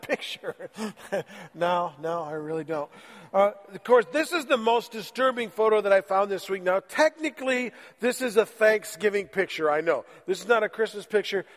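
In a church sanctuary, a pastor with a high voice preaches a sermon while battling a cold that keeps his voice lowered. He keeps it joking and conversational, and the room leaves a long reverb tail.

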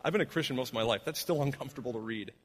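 A middle-aged male pastor preaching a sermon in a conversational way, with fillers, who drops soft and low on the heavy lines. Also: very fast, slightly rough.

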